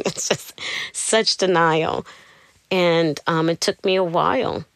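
Animated New woman telling her story. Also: lowish voice, slow, vocal fry, no room sound, clean studio sound. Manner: animated, acts out the voices of people in her stories. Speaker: guest. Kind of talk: candid interview storytelling.

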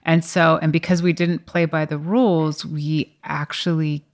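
A woman being interviewed, telling her business story in an animated, self-deprecating way and laughing often. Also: deep voice, measured pace. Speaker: guest, wine business co-founder.

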